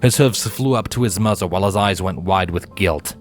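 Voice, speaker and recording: A man reading fanfiction aloud in an expressive storytelling manner. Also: sits low, a little fast. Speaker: fanfiction reader. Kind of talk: audiobook narration. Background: faint guitar music.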